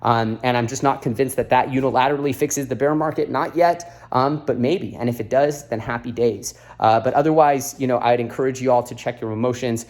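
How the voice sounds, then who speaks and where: List: man, out of breath, earnest, lecturing, blunt, filler-heavy, mid-pitched. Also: steady tone, brisk, few pauses, a little mellow. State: out of breath, sweaty after a workout. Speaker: crypto video host. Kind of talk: casual straight-to-camera update. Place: beside an exercise machine.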